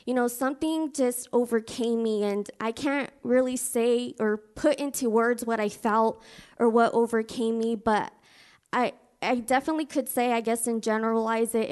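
Woman preacher, higher-pitched voice, earnest personal storytelling sermon. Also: steady tone, normal speed, darkish tone. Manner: fervent spoken prayer.

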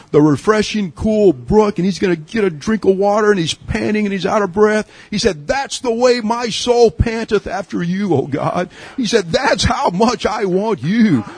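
A middle-aged man from Texas preaching a sermon, earnest, with repeats and restarts, rising high to urge and sinking low and quiet. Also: breathy edge, no room sound. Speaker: pastor.

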